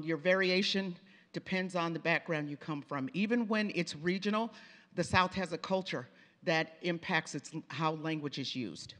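Recorded in an echoing lecture hall, a woman from the American Pacific Northwest presents at a conference on language and reading. Her style is conversational, with stories and asides to listeners, and her voice is fairly low in pitch with a fairly bright tone.

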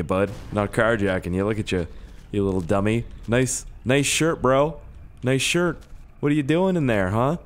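A young man commentating his gameplay, rambling and swearing, with sudden yelling bursts and a voice hoarse from screaming. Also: on the low side. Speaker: gaming YouTuber. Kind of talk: casual let's-play commentary.

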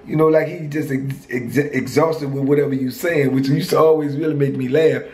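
A man's voice: mid-range voice, fairly even intonation, moderate pace, few pauses, a little mellow. A man in his fifties telling a story in casual street slang, filled with "you know" and "man", as a former prisoner, in an echoey room with faint noise.

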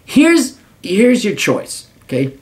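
A man's voice: high-pitched, wildly swooping pitch, slow. A man hosting a podcast, giving blunt, profanity-laced advice in a rambling monologue full of restarts.

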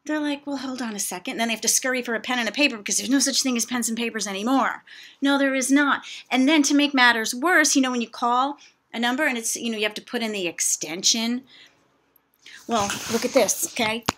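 A woman's voice: a little high, brisk, a bit bright. A middle-aged woman ranting casually to camera, chatty and exasperated, with self-mocking asides. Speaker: vlogger.

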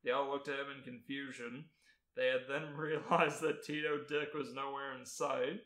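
A man's voice: mid-range voice, fairly even intonation, normal speed, a bit bright, reverberant, low-quality recording. A man hosting a podcast, reading fan fiction aloud with amusement and chuckling through it. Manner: amused reading, breaks into laughs. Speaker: podcast host reading a story.

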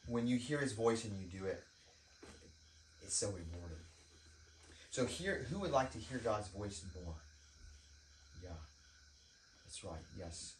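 Male preacher, lowish voice, rambling storyteller, distant mic in a roomy church. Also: expressive, measured pace, pauses often, slight background noise. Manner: rambling storytelling with frequent ums and restarts. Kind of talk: informal sermon story and prayer. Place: church prayer room. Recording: echoey room, mic at a distance.

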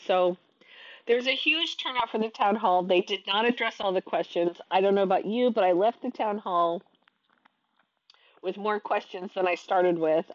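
A woman in her thirties talks straight to camera, frustrated and venting, stumbling over her words and restarting as she goes. Her voice sits at a middle pitch. The recording is dry and a little dull. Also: no room sound. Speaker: online teacher and vlogger. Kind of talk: casual talk to camera.

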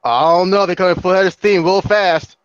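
A man's voice: high-pitched, fairly even intonation, fairly quick, clear, resonant tone, no echo, highs cut off. A man giving casual color commentary on a race, with laid-back, short reactive remarks.

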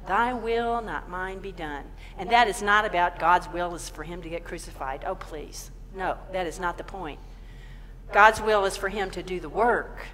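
Woman minister, sermon, emphatic and repetitive, long hall reverb, mid-pitched voice. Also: fairly bright tone. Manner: emphatic, repeats phrases, asks the congregation questions. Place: church sanctuary.

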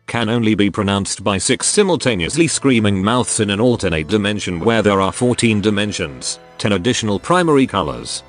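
A male text-to-speech voice reading the lines of a seductive, mocking female greater demon in an audio story. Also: lowish voice. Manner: purring, mocking.

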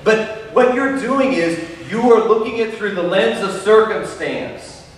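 A patient, fatherly God, voiced by a preacher, asks gentle but insistent questions. The man's voice is a little high. It sounds distant and echoey in a large hall. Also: animated, a little slow, a little hiss or hum. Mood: reassuring.

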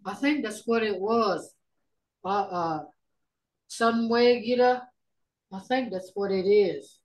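A middle-aged woman teaching a casual online language class over a video call, unhurried and folksy, thinking aloud with many ums. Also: mid-range voice, darkish tone, poor audio.

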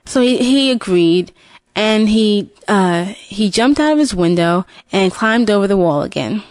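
A woman slowly telling a fairy tale for a listening lesson, expressive, with small restarts. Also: medium pitch, dry recording. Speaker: storyteller.

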